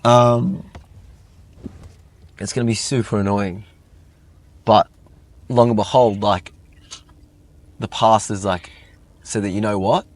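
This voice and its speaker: A young guest with a lowish voice tells a long personal story in casual chat, taking it slowly and pausing often. He rambles with lots of fillers, saying "like" constantly, and retells events animatedly.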